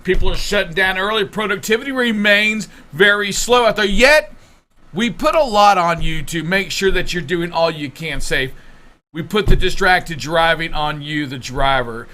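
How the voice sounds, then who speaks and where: A man co-hosting a live talk show with a high voice and a bright, forceful tone. He teases his partner and keeps the banter playful as he moves between topics. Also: moderate pace. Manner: teasing, playful, animated. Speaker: radio show co-host and producer. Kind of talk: casual joking banter.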